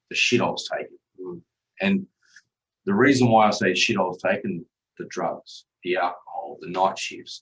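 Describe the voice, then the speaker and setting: A man's voice: sits low, far from the mic, rough recording. A man, a podcast guest telling his own story candidly and bluntly, swearing freely. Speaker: podcast guest, chef and father.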